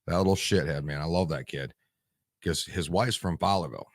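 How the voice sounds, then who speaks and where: With a rumbling low voice and a brisk pace, this forty-something veteran guest from Michigan swears freely as he tells blunt, rambling stories in a casual interview. The recording is dry and of studio quality.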